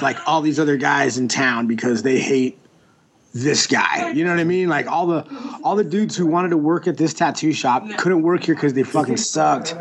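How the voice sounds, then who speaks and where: A young man, a tattoo artist, telling stories in a casual, laid-back way and swearing freely. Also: on the high side. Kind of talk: casual chat.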